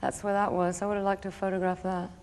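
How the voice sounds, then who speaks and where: A woman guesting on a television chat show, answering in a relaxed, easygoing way. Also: medium pitch, fast. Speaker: guest photographer. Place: television studio. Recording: studio reverb.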